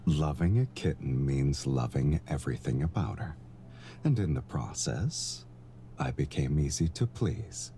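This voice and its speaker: A smooth, teasing romantic lead from a game, his voice extremely deep and dark in color. He speaks low and slow, sliding widely across his pitch. A faint hiss sits behind him. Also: lively intonation. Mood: tender. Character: suave, teasing, affectionate adult man. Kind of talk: dubbed game dialogue.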